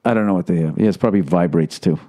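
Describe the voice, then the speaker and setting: A podcast host with a low, mellow voice races through a casual ad read. He delivers the ads sarcastically, riffing off the copy and swearing.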